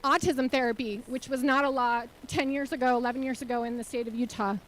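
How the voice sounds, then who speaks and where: High-voiced woman giving a motivational keynote. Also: fairly even intonation, fast talker, fairly bright tone, poor audio. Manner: earnest, rhetorical questions to the audience. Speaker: keynote speaker and nonprofit CEO. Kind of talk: motivational conference talk. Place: conference hall stage.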